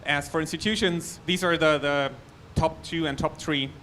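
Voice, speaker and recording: A man's voice: on the high side, fairly even intonation, normal speed, a bit bright, slight background noise. German man giving a chatty tech talk. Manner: loose, chatty delivery with restarts and asides. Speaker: conference speaker. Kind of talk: technical conference talk. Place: conference hall.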